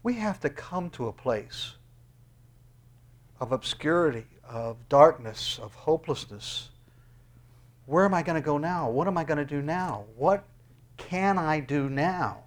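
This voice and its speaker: Delivering a sermon, the male pastor reads scripture and prays at the close. His intonation is lively, jumping from loud, high exclamations to soft, low asides, and he takes his time with frequent pauses.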